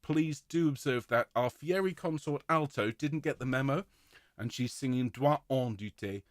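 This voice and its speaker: A man directing a choir rehearsal, giving clear, encouraging instructions and singing out rhythms to demonstrate them. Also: medium pitch, normal speed, no room sound, clean studio sound.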